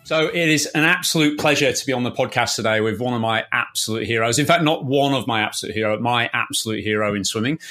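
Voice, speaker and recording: A man's voice: mid-range voice, fast talker, hardly any pauses, sharp tone, soft background music. A man hosting a swimming podcast, introducing and praising his guest with eager enthusiasm. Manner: enthusiastic, effusive. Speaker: podcast host and swim coach. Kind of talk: podcast interview.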